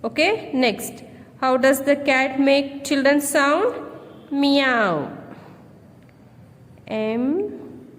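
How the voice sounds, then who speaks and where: A woman with an Indian English accent teaching young children, slowly spelling out words letter by letter. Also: high-pitched, lively intonation, big-room sound. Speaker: primary school teacher. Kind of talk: slow classroom lesson.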